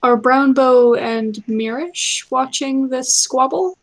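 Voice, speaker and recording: Slow, dry-voiced woman player. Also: sits high, poor audio.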